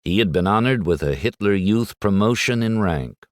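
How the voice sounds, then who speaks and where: A man reading an audiobook in a measured, dramatic storytelling manner. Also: lowish voice, expressive, dry recording, clean studio sound. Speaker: audiobook narrator. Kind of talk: scripted audiobook narration.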